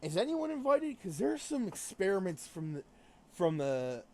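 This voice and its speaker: A man's voice: sits high, very animated, moderate pace, pitched above the performer's own voice. A man voicing a sinister, eager Japan character in a raised voice.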